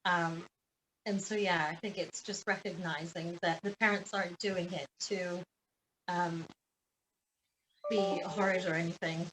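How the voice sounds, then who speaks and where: A woman and adoptive parent gently reassures families in a casual video call webinar, using many fillers. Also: fairly low pitch, fairly even intonation, measured pace, long pauses, noisy background.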